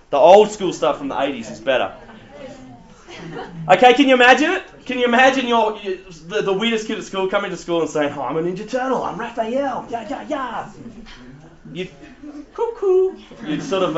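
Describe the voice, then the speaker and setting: A man gives a casual, animated Bible talk to young people, often laughing. His voice sits high and swoops widely. The recording is roomy and slightly dull. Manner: animated, laughing, conversational preaching. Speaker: youth leader.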